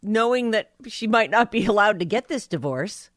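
A woman's voice: medium pitch, animated, normal speed, dry recording, clean studio sound. A woman co-hosting a radio show, making sarcastic wisecracks during casual chat.

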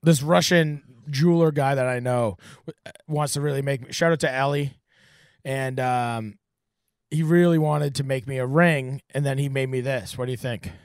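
A man's voice: mid-range voice, normal speed, clean tone, no room sound, studio quality. A man co-hosting a casual podcast chat, telling stories with animation and acting out quotes. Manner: animated storytelling, acts out quotes loudly. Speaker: podcast co-host.

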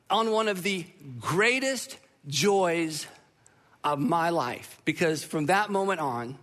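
A man giving a storytelling talk to a live audience, animated and self-deprecating with touches of humor. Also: fairly high pitch, takes it slowly. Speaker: speaker addressing an audience.

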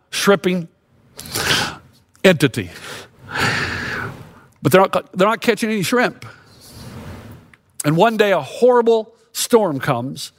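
High-voiced pastor preaching in a dry room. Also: male voice, fairly bright tone, no echo. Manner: storytelling, acts out quotes with rising intensity. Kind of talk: sermon.

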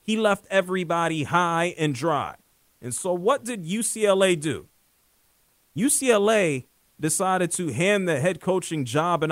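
High-voiced, animated sports radio host. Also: male voice, no echo. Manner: opinionated, animated and joking.

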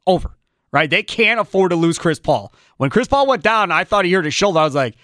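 A man hosting a sports talk show, giving strong opinions in an animated way with quick restarts. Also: sits high, no room sound, clean studio sound.

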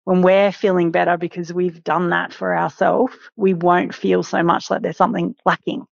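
A woman's voice: on the low side, little pitch movement, normal speed, creaky, no room sound. A woman naturopath guest in a casual interview, rambling and searching for words. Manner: warm, rambling, light laughs, searches for words. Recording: dull, muffled remote line.

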